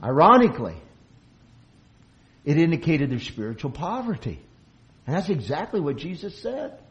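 A man's voice: fairly high pitch, sing-song, normal speed, muffled recording. A man preaching an expository sermon, earnest, often restarting phrases and raising his voice for quoted lines. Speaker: pastor.

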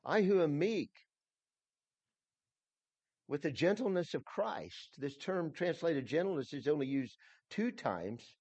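A man's voice: fairly high pitch, lively intonation, slow pace, long pauses, darkish tone, breathy edge, dry recording, lo-fi sound. A man preaching an expository sermon, emphatic and repeating himself, with frequent restarts. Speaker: pastor.

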